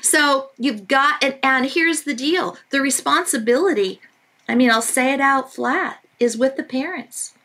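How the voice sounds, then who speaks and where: A woman author who is a guest on a parenting podcast, telling lively stories and repeating points for emphasis. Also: sits high, a little slow. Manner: animated storytelling with emphatic repetition. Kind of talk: podcast interview.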